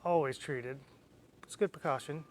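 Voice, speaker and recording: A man co-hosting a casual live-stream chat, relaxed and giving short, easygoing answers. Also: a little high, normal speed, slight background noise. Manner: laid-back, short answers, laughs easily. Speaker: co-host, product expert.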